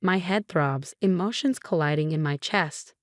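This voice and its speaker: A woman narrating a first-person drama story, reading every voice in one steady tone. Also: fairly low pitch, unhurried, no echo, clean studio sound.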